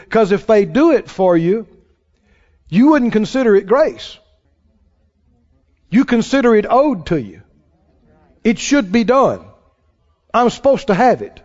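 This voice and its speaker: A man's voice: high-pitched, a little mellow. A man preaching a sermon in a folksy, emphatic way, acting out the people he quotes. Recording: dull sound with long hall reverb.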